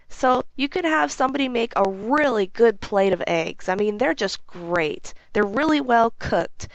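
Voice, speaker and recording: A young woman with a hoarse voice from a cold, talking frankly and casually in a video update with many ums. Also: fairly high pitch, measured pace, no room sound, highs cut off. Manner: chatty, frank, lots of ums. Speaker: gaming video host.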